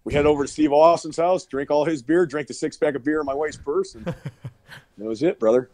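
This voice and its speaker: A middle-aged powerlifter guesting on a podcast, telling rowdy, profane stories and laughing often over a remote call that breaks up. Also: male voice, a little high, fast talker, a little mellow. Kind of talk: casual storytelling.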